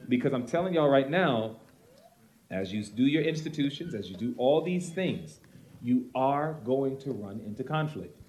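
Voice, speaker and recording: A pastor tells a story from his ministry during a panel Q and A. He speaks in a mid-pitched voice that rises and falls a great deal, acting out the voices of the people in his story. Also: expressive, normal speed, darkish tone, slight background noise.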